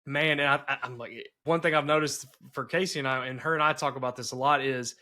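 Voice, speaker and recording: A man's voice: mid-range voice, fairly even intonation, fast, bright, forceful tone. A man hosting a podcast and telling family stories earnestly, with many restarts. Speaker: podcast host. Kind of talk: casual conversation.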